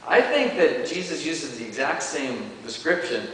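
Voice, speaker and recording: Preacher far off in an echoey church. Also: male voice, medium pitch, sing-song, moderate pace, a bit bright. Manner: conversational, with many fillers and self-corrections. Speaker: pastor. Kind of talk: sermon. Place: church hall. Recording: distant, echoey church hall with hiss.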